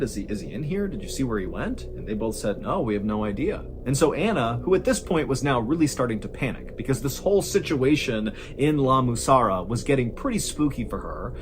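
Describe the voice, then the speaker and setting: A man telling a true mystery story in a casual, conversational way, building suspense as he goes. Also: mid-range voice.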